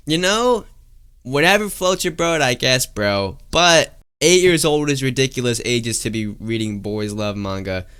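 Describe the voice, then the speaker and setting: Young male streamer, middle pitch, smooth tone, filler-heavy casual chat. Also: a bit bright. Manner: rambling, filler-heavy, says "guys" and "bro" often. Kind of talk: casual live-stream chat reading viewer messages.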